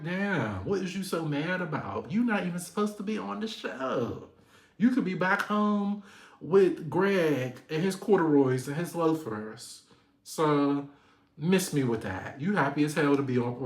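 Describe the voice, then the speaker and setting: A man hosting a reality TV recap, talking in a sassy, animated way and acting out the cast in high voices. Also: roomy sound. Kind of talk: casual recap commentary.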